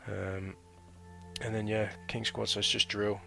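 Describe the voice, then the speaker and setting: A man in his thirties from the United Kingdom, a former recruit, spins a rambling, chatty vlog tale about military training, packed with fillers and slang. He speaks unhurriedly in a low, creaky voice with a sharp tone and little pitch movement, over soft background music.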